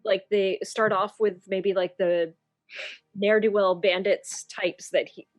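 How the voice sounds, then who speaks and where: A woman acting as game master of a tabletop game, laughing often and pausing with fillers. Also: mid-range voice, steady tone. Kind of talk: running a tabletop game session.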